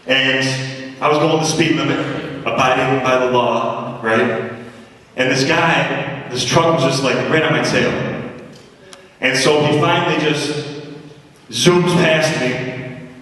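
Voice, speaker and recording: A man's voice: mid-range voice, slow. A man giving a motivational school assembly talk, telling comic stories with energy and acting out the voices. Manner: energetic, animated, acts out the voices in his stories. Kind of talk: comic storytelling to students. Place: middle school assembly hall. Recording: echoey school hall from far off.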